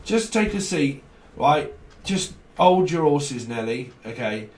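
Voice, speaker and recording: Man, slightly high-voiced, rambling tarot reader, slangy, acts out exchanges, echoey room. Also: expressive, slow pace, darkish tone, far from the mic. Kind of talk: casual unscripted tarot reading to camera.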